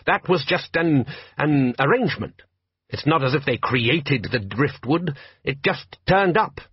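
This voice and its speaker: A man's voice: fairly high pitch, expressive, unhurried, breathy edge, dry recording, highs cut off, voice pushed up, full character voice. A man playing an indignant, blustering fisherman father.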